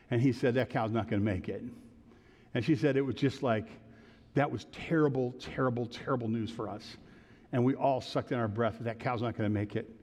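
A man's voice: medium pitch, darkish tone, long reverb tail. A man preaching a sermon in an earnest, conversational storytelling way, lifting into emphatic prayer. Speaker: pastor.

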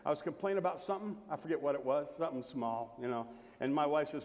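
A man's voice: on the high side, lively intonation, normal speed, pauses often, darkish tone. A middle-aged man preaching a sermon, telling humorous stories and acting out the voices of the people in them. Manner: humorous storytelling, acts out quoted voices. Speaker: pastor. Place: church sanctuary. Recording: long hall reverb from the church.

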